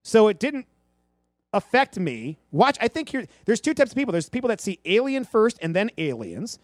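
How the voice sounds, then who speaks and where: A man with a high, lively voice tells a story on a movie podcast, swinging his pitch up and down as he acts out the voices of the people in it. The room sounds dry and close. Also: normal speed, dry recording. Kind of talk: casual storytelling chat.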